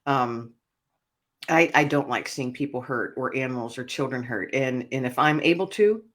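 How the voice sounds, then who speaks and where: A woman author being interviewed, telling a personal story in an animated, emotional way. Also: very deep voice, moderate pace. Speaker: author and speaker, guest.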